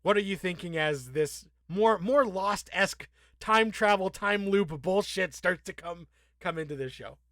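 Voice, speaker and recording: A man co-hosting a casual TV recap podcast, talking in a profane, animated way and acting out the characters' lines as he retells scenes. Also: high voice, unhurried, no echo, studio quality. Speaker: podcast co-host.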